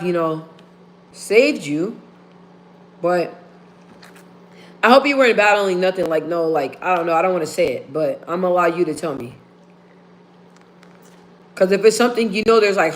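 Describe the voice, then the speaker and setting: A woman's voice: lowish voice, moderate pace, long pauses, fairly bright tone. A woman hosting a casual livestream, talking straight to her viewers and repeating phrases for emphasis. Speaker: livestream host. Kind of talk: casual live-stream chat.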